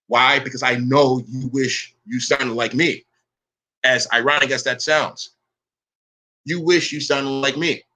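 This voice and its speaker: A man's voice: medium pitch, pushed and bright. A man in a profane, confrontational rant to camera. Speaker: online commentator.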